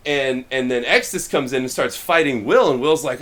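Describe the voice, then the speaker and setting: A man co-hosting a podcast, casually retelling a story and acting out the characters' lines in quick little voices. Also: medium pitch, a bit bright. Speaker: podcast co-host.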